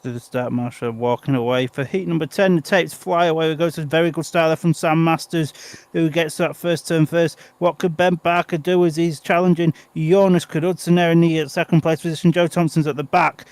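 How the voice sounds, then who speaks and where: A British man, a co-host, calling speedway races in casual play-by-play, excitable and a bit breathless, with plenty of fillers. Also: a little high, fairly quick, dry recording. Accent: British English. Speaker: co-host doing race commentary.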